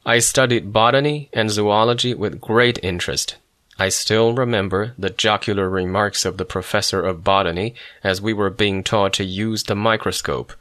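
A man narrating a memoir in a measured, formal reading style. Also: on the low side, a bit bright, no echo, studio quality. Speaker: audiobook narrator.

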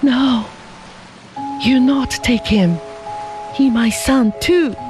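A man's voice: extremely high pitch, very slow, over music, voice pushed up, exaggerated voice. A man voicing a young Chinese immigrant mother who pleads in broken English. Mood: distressed.

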